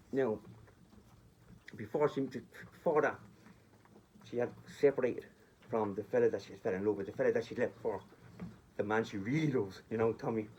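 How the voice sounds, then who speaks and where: A man's voice: on the low side, a little mellow, highs cut off, a little hiss or hum. A man telling a story in a chatty, rambling way, speaking directly to his listeners on a phone recording. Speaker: vlogger. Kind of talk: casual storytelling.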